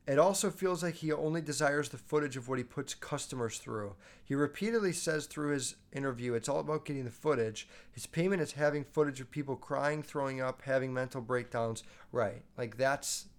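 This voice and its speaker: A young man hosting, rambling casually and swearing a lot as he reacts to clips. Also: mid-range voice. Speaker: host. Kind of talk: casual commentary.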